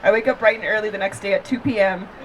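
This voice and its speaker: A woman's voice: mid-range voice, steady tone, fast talker, low-quality recording. A young woman performing a stand-up set, telling a bawdy story with lots of giggling and rambling asides. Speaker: stand-up comedian. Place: outdoor backyard comedy show. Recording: live crowd laughter. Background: live crowd laughing.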